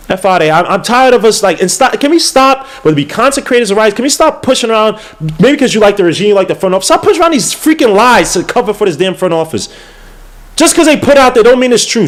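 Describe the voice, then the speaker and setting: A young man hosting a casual livestream podcast, ranting in a heated, exasperated way with slang, repeats and restarts. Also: high voice. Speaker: podcast host.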